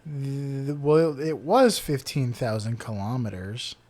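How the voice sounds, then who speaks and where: A man co-hosting a podcast, quizzing his co-host in casual chat with quick asides. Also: mid-range voice, steady tone, darkish tone.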